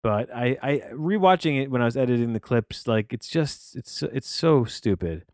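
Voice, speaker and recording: A man's voice: medium pitch, lively intonation, moderate pace, darkish tone, no echo, studio quality. A man hosting a podcast, rambling through a casual film review with many restarts and fillers. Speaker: podcast host reviewing films.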